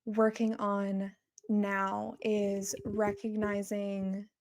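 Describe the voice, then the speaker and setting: A woman's voice: medium pitch, completely flat delivery, drawn-out words, darkish tone. A woman in her twenties, a podcast guest, talking reflectively and supportively in casual chat, full of fillers.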